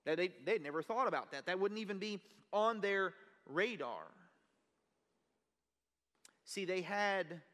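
A pastor preaching a sermon, telling a personal story in an earnest, conversational way. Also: male voice, high voice, expressive, unhurried, pauses often, bright, forceful tone. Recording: long reverb of a large hall.

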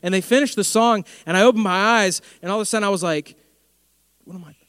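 A man preaching a sermon, telling stories with lively humor. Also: sits high, fast talker, clean tone, no echo, clean studio sound, big-room sound. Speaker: pastor.

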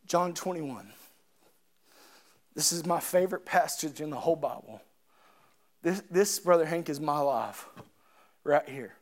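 A man preaching a sermon with passion, dropping to quiet asides and rising to shouted peaks. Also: on the high side, animated, normal speed, long pauses. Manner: impassioned, swings from quiet to shouting.

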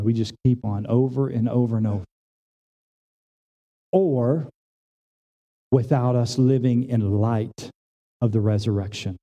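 A man preaching a sermon at a church service. He talks plainly with everyday examples and swings between raised, emphatic lines and low, hushed ones. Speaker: pastor.

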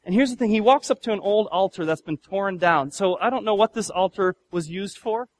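This sermon features a man with a fairly high voice, a pastor, who recounts a Bible story with humor, side remarks, and little performances. He keeps things brisk, animated, and conversational.

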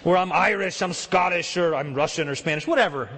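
A man's voice: fast, few pauses, a bit bright. Emphatic male preacher in a reverberant hall. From partly German heritage. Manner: emphatic preaching, jumps up in pitch when mimicking excuses. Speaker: pastor. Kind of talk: sermon.

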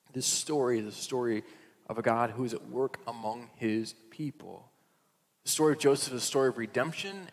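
A male pastor preaching a sermon, mid-pitched, telling the story in a loose, conversational way with casual asides. His voice carries a long reverb from a large hall.

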